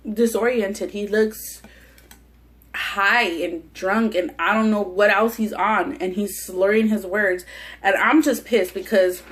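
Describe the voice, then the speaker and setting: A young woman vlogger telling a heated, profanity-laced personal story with lots of restarts while she eats on camera. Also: medium pitch. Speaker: mukbang vlogger. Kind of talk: casual storytelling while eating.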